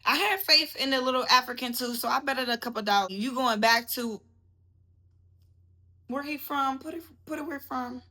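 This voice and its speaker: A woman's voice: high voice, moderate pace, bright, forceful tone. A woman hosting a casual boxing commentary vlog, chatty and laughing, calling her viewers baby. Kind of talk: casual chat to camera.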